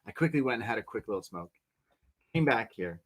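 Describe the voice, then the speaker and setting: Animated man recapping wrestling. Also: fairly low pitch, fairly quick. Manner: animated storyteller, laughs often. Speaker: podcast co-host. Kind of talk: casual wrestling recap chat.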